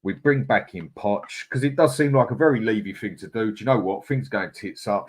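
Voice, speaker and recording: A man's voice: on the low side, a little fast, hardly any pauses, slight background noise. A man, co-hosting a live stream and reading viewer comments in a blunt, chatty way. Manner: chatty, blunt and opinionated, with frequent "mate" and laughs. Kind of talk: casual live-stream chat.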